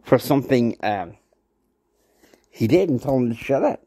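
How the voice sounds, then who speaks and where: Slow rambling man retelling a story. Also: medium pitch, very animated, warm tone, breathy edge. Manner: rambling, many fillers and restarts.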